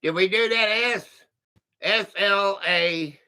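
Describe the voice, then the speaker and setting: A man runs a live-stream quiz, reading the clues aloud and counting out the letters. He talks at an unhurried pace in a high, bright voice and greets viewers by name as their guesses come in. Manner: chatty, easily amused. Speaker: quiz game livestream host. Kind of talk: casual live-stream chat.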